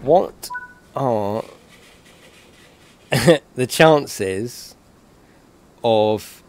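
A man's voice: mid-range voice, animated, drawn-out words, darkish tone. A British man live-streaming a game, chatting with his audience in a jokey, swearing, laughing way. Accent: British English. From England. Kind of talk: casual live-stream chat while playing.

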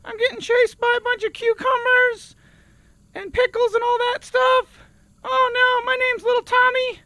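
A man voicing a high-pitched little boy auditioning to play a planet, whiny and pleading. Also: flat delivery, normal speed, bright, forceful tone, no echo. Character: squeaky-voiced boy actor auditioning as a planet.

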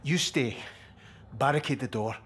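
Male actor, Scottish rig hand for a game, blunt, swears, mid pitch. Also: unhurried, crowd noise, lightly acted. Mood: steady. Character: Scottish oil rig worker man, urgent, protective. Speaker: game character. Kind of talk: video game voice acting.

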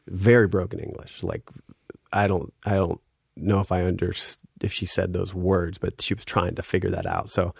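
A man's voice: deep voice, vocal fry, a little mellow, slightly rough, dry recording, clean studio sound. A man in his thirties, a guest musician, telling a story in a laid-back way with many fillers, getting livelier as he acts out scenes. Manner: laid-back, filler-heavy, reenacts scenes with rising energy. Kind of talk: casual storytelling.

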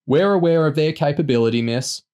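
A man's voice: mid-range voice, normal speed, voice pushed up, lightly acted. A man voicing a smug male commando leader who talks down patronizingly and sourly, in an audiobook reading. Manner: patronizing, sour, shouting over the line.

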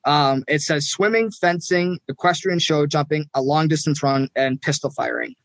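A young Canadian man co-hosting a podcast, swearing freely and laughing as he rants. His voice sits a little high and sounds bright and sharp. The recording is dry and close. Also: moderate pace, vocal fry, no room sound. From Ontario, Canada. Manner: profane, joking, laughs often. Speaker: podcast co-host. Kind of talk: casual chat.

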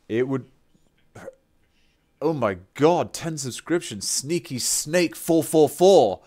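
A British man, a voice actor streaming a game, chatting excitedly with viewers and reading their messages aloud with playful theatrical outbursts. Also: medium pitch, moderate pace. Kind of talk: live-stream chat with viewers.

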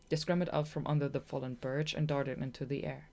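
A woman narrating a children's audiobook in a measured, gentle storytelling manner. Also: very deep voice, flat delivery.

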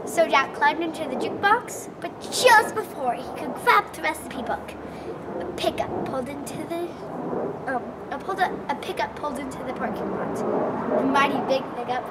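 A woman telling a children's tall tale in a lively, expressive, folksy way. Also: high voice, moderate pace, very noisy. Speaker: storyteller. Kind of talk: animated storytelling for children.

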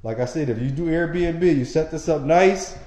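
An enthusiastic man walks through an empty house and talks straight to his viewers in easy slang. His voice sits a little high for a man but stays mellow, with soft edges. The bare rooms throw his voice back in a roomy echo. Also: normal speed. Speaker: property manager giving a home tour. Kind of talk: walkthrough video tour.

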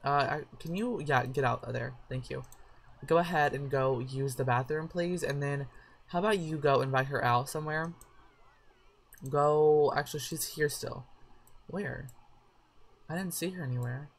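A woman chatting through a life-sim game with a sore throat and a headache, excitable and swearing freely at her characters. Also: deep voice, moderate pace, long pauses. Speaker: let's play gamer. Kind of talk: casual gameplay commentary.

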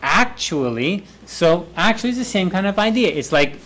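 A man's voice: sits high, sing-song, normal speed, hardly any pauses, a bit bright. A man teaching a university English class, repeating key words aloud and joking with students. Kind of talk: classroom lecture.

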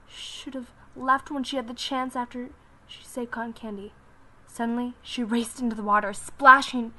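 Slow, halting young woman narrating a story. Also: a little high, poor audio. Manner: slow, halting read with restarts, soft whispery asides.

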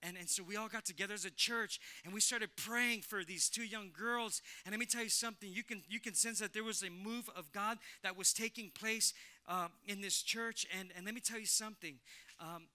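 A man preaching a sermon as pastor in a church, energetic, stammering repeats and acted-out quotes. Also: high-pitched, a little fast, clean tone. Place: church sanctuary.

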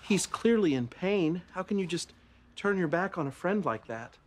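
An actor playing a flamboyant, emotional, big-hearted gay dad in a sitcom, with dramatic delivery. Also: male voice, high-pitched, lively intonation, normal speed, a little hiss or hum. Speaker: sitcom character. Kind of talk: sitcom acting.

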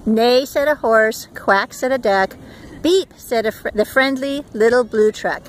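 A woman reading a picture book aloud in turns, steady and gentle, outdoors at a beach. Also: fairly high pitch, a little slow. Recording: faint outdoor background noise.

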